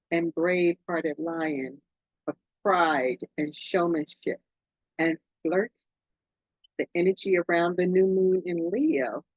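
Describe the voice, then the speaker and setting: A woman hosting a casual spiritual podcast, reading oracle cards in an effusive, excitable way. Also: dry recording, highs cut off. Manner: effusive, excitable, swoops up and down in pitch. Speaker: podcast host, oracle card reader.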